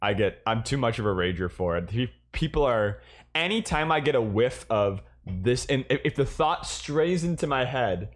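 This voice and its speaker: A man's voice: medium pitch, animated, normal speed, faint music behind. A man in casual gaming chat, rambling and self-mocking, swearing often as he tells stories about matches.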